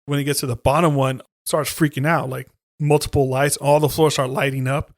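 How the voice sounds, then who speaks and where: Male podcast co-host, mid-pitched, retells horror plots with lots of cursing and acted-out lines, dry mic. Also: brisk, dry recording. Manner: animated storytelling, heavy swearing, acts out lines. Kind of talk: casual chat, retelling a horror movie.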